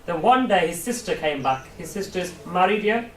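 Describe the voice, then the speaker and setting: At a youth camp, a Sikh preacher with a high voice and a moderate pace animates his stories by voicing characters and asking the crowd questions. The large hall echoes, the mic is distant, and a slight hiss is audible.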